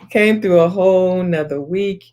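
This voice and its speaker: A woman's voice: fairly low pitch, slow, a little mellow. Middle-aged woman, livestream host, encouraging, preachy call-and-response, greets viewers by name. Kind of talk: live-streamed talk show.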